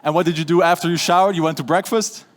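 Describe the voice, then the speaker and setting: A man with a Dutch accent giving a lively stage talk on public speaking, playful and shifting between loud and hushed delivery. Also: on the high side, fast talker. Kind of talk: live keynote talk with audience interaction.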